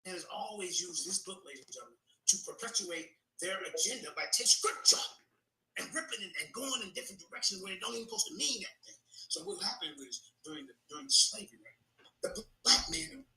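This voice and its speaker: High, preachy man in an echoey clip. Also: animated, fast talker, sharp tone. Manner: lecturing, addresses listener as brother. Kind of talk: preachy debate talk.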